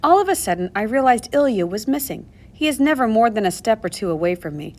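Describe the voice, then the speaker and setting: A woman narrating a novel aloud in the first person, expressive and moving between hushed and urgent tones. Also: a little high, fast. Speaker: audiobook narrator.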